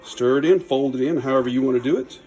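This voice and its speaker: A chatty man hosts a home cooking video. His voice sits at an ordinary middle pitch, and he keeps a folksy, upbeat tone. Faint music plays behind him. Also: fast talker, dark tone. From Louisiana. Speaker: cooking channel host. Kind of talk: casual cooking demo. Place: home kitchen.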